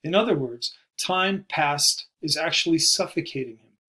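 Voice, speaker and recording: A man giving a recorded poetry lesson, explaining terms in a measured way and slowing down to stress key words. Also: on the high side, lively intonation, pushed and bright. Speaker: poetry teacher. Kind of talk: recorded video lecture.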